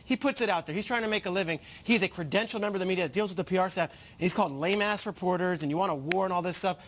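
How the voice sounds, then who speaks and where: A man who covers sports as a reporter argues on a studio panel in a heated, emphatic tone. His voice runs high and his words come quickly. He stacks up points without letting up. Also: a bit bright. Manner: heated, emphatic, rapid argument.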